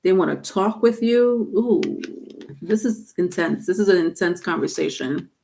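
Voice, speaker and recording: Slow, rambling woman reading tarot. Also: lowish voice, expressive, gravelly, dark tone, a little hiss or hum. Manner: rambling, many fillers and restarts. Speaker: tarot reader. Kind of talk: live-streamed tarot reading.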